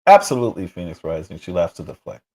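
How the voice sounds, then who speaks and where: A man's voice: deep voice, very animated, fast, darkish tone. A man hosting a livestream, reacting to clips and reading chat in casual political commentary. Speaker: livestream host.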